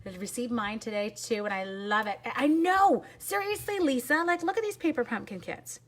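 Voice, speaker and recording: A woman hosting a live papercraft tutorial, bubbly and chatty, quick to laugh while she answers viewers. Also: on the high side, expressive. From Canada. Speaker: papercraft demonstrator and teacher.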